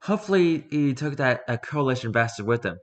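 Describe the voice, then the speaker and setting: A man's voice: medium pitch, animated, a little fast, close to an everyday voice. A man voicing a sarcastic, tough female soldier with a dry delivery. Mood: grim.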